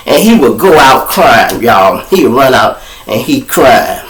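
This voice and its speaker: A man from Chicago with a Chicago accent, hosting his show and telling a story to viewers in a profane, animated way, loud one moment and hushed the next. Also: on the high side, normal speed, slight background noise. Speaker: show host. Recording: roomy echo.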